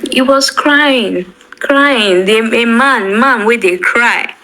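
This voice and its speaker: A young woman tells an emotional personal story, halting and often repeating her words. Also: fairly high pitch, bright, forceful tone, slight background noise, rough recording. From Nigeria. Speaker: bereaved daughter.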